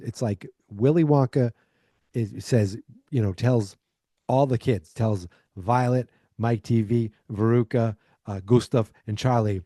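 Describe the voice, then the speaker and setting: A man's voice: mid-range voice, moderate pace, warm tone, no echo, clean studio sound. A man hosting a podcast, casually recapping an episode in a rambling way full of fillers. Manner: rambling, filler-heavy retelling. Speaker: podcast host.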